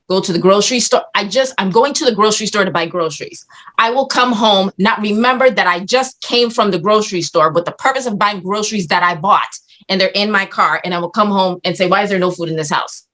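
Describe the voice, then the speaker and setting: A woman in her forties telling a personal story candidly, swearing freely and acting out her own reactions. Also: mid-range voice. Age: 40s. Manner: profane, animated, acts out her own reactions. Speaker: podcast guest.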